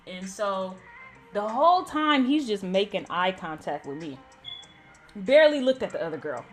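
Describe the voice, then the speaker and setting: A woman's voice: mid-range voice, lively intonation, moderate pace. A woman in her thirties from the Bay Area, telling a story to her viewers in a chatty, blunt and profane way. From San Francisco Bay Area. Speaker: vlogger. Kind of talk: casual storytelling. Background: faint background music.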